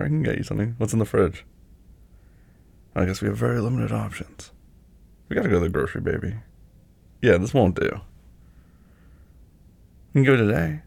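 A young man in a one-sided boyfriend role-play, talking to the listener in a gentle, teasing, affectionate way. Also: fairly low pitch, gravelly, breathy edge, no echo.

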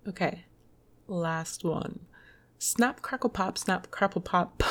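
A woman's voice: on the low side, slow pace, a bit bright. A woman reading tongue twisters aloud in a casual solo video, laughing and swearing at her own slip-ups.

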